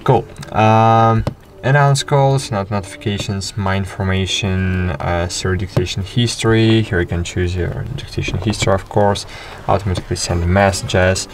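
Low-voiced man narrating a tutorial. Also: fairly even intonation, slight background noise. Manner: halting, with many fillers and restarts. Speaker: tutorial host. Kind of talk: screen-recorded how-to narration.

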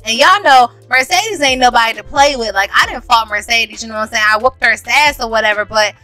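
A woman hosting a life-sim game let's play, giving animated, slangy commentary and laughing often. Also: fairly high pitch, a little fast, soft background music.

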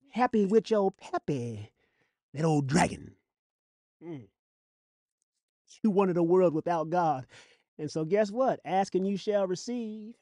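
A preacher delivering a dramatic sermon, with sing-song repetition, drawn-out mocking phrases and chuckles. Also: medium pitch, expressive, warm tone, no room sound, studio quality.

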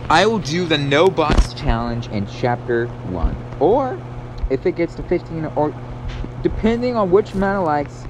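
A young man talking through his game in a high, lively voice that jumps all over. He rambles and talks straight to his viewers, with steady background noise under him. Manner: screams in panic during chases, then rambles through the outro. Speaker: gaming YouTuber. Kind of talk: casual gameplay commentary.

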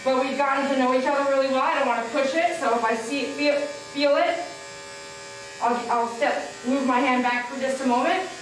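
A woman's voice: sits high, moderate pace, far from the mic, a little hiss or hum. Soothing woman groomer in an echoey room. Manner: soothing, coaxing talk to a dog, chatty asides to viewers. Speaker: dog groomer. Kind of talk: livestreamed grooming with running commentary. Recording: echoey room, voice a bit off-mic.

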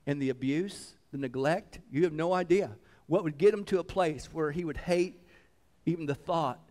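A man preaching a sermon as pastor, swinging between loud fervent passages and hushed reverent ones, repeating phrases and calling out "come on.". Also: on the high side, normal speed.

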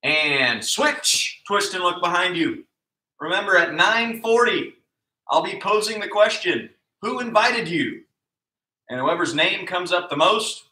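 Upbeat pe coach guy calling out exercises nonstop, bright tense voice, kinda roomy echo. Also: high voice. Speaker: kids' PE coach. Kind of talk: live-streamed exercise class. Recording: echoey room sound.

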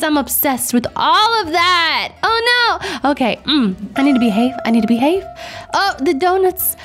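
A young woman who is not a native English speaker, hosting casual gameplay commentary in a bubbly, excitable way with frequent gasps. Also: sits high, moderate pace. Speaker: gaming channel host.

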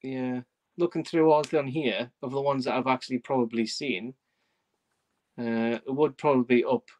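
A man's voice: mid-range voice, steady tone, normal speed, darkish tone. A middle-aged man hosting a casual live-stream chat, telling stories in a chatty, self-mocking way. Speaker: host.

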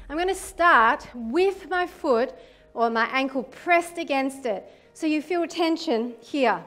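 A woman's voice: high-pitched, a bit bright. A woman leading a home workout, counting reps aloud and urging listeners on, slightly out of breath. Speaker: fitness instructor. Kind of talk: guided workout instruction. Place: apartment room with carpet.

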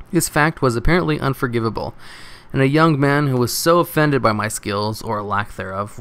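A man narrating a story from an online post, expressive and wry, with a few stumbles over words. His voice sits at an ordinary middle pitch for a man. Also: clean tone. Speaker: narrator reading online posts. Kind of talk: first-person story reading.

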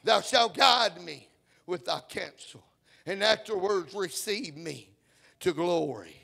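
Preaching slowly in a high, gravelly voice with lively intonation, the pastor swings from hushed reading to shouted, almost sung passages. He peppers his phrases with "uh" and "huh."

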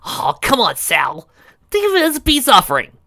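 A man's voice: extremely high pitch, sing-song, a little slow, fairly bright tone, clean tone, pitched above the performer's own voice, heavily acted. A man voicing a cocky, carefree teen hedgehog hero from a fan-made storybook reading. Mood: loud pleading.

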